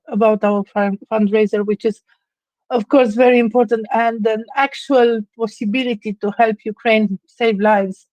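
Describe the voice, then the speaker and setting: A woman from Romania, telling a story in an online chat in an earnest, emotional way with many pauses. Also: medium pitch, a little mellow, no room sound, poor audio. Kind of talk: casual chat.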